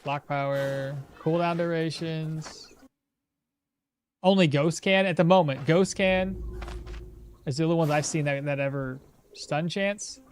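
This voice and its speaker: A man's voice: a little high, measured pace, long pauses, slight background noise. A man streaming a game, chatting with his viewers, thinking aloud and laughing often. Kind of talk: casual live-stream commentary.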